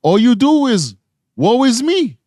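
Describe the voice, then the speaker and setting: A man's voice: extremely high pitch, very animated, dark tone, no room sound, clean studio sound, voice pushed up, full character voice. A man voicing a scolding, disappointed Puerto Rican parent with a mocked Puerto Rican accent, firing off nagging questions. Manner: nagging, rapid-fire questions.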